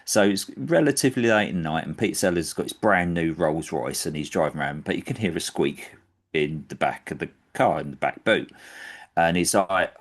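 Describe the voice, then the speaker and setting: A man telling an anecdote in a casual chat, animated and acting out the characters' lines. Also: low voice, fairly quick. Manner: animated, acts out quoted characters. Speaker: podcast storyteller.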